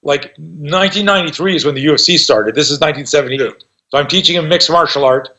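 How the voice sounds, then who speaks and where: A man's voice: on the high side, quick pace, sharp tone, lo-fi sound. A man in his fifties, a self-defense instructor and podcast guest, tells stories with energy, swears freely and acts out what people said. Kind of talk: animated storytelling.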